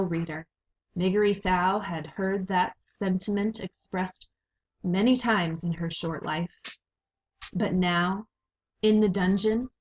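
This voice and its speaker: A woman reading a children's novel aloud in a slow, measured and expressive way. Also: fairly low pitch. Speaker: reader. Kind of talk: read-aloud storybook narration. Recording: dull lo-fi recording.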